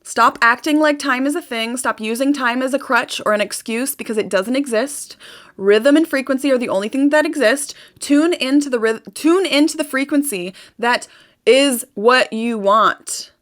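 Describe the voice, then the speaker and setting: Young woman, high voice, emphatic motivational vlogger who repeats lines for punch. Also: moderate pace. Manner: animated, emphatic, repetitive, swears casually. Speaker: manifestation vlogger. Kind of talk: casual motivational vlog.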